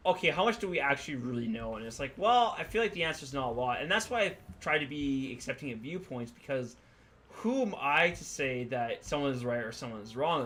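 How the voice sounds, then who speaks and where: A let's play host in his twenties offers casual gaming commentary, rambling and musing with lots of fillers. His voice is medium in pitch and a bit bright.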